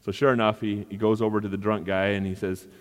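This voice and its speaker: A man preaching a sermon, his voice sitting a little low as it rings through a hall with a long reverb. He is earnest and repeats his phrases for emphasis. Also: level tone, fast. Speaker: pastor.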